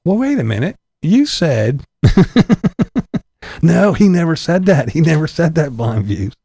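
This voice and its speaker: A man's voice: on the high side, big pitch swings, measured pace, gravelly, mellow, husky, no room sound, studio quality. A man delivering an angry, profane political rant with blunt sarcasm. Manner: angry, blunt, heavy swearing, sarcastic laughs. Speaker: political commentator vlogger.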